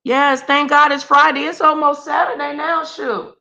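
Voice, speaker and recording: A woman's voice: sits high, flat delivery, moderate pace, vocal fry, sharp tone, lo-fi sound. A woman hosting a casual live stream, chatty and slangy, greeting viewers by name. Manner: scolds her dogs mid-stream.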